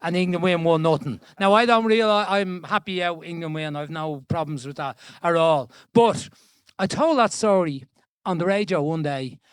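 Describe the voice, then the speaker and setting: An older Irish man from Dublin, in his seventies, spins stories with lively, restless energy and a voice set higher than most men's. The sound is close and dry, with almost no room around it. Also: smooth, dry recording. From Ireland. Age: 70s. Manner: chatty, animated storyteller with frequent restarts and laughs. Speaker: guest being interviewed. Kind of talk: storytelling conversation. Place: event stage before an audience.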